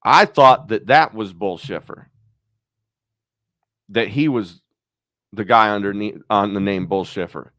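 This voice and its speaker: A man's voice: fairly low pitch, measured pace, long pauses, fairly bright tone, no echo, clean studio sound. A man hosting his own channel, thinking aloud in a rambling, profane, casual chat. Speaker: YouTube channel host.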